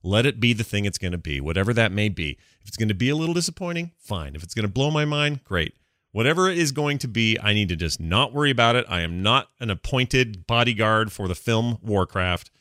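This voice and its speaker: A man co-hosting a casual gaming podcast, animated and self-deprecating, joking as he talks. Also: lowish voice, fast, dry recording, studio quality. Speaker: podcast co-host.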